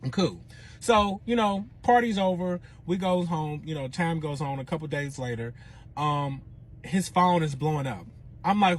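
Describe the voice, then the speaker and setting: A man telling a personal story in a dramatic, profane, animated way. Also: fairly high pitch, normal speed, a little hiss or hum. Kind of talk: storytime monologue.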